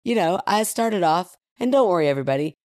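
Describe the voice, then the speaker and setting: Woman co-host, thirties, low-pitched, dry close sound, animated storyteller who laughs a lot. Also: fast, dry recording. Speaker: podcast co-host. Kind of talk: casual chat.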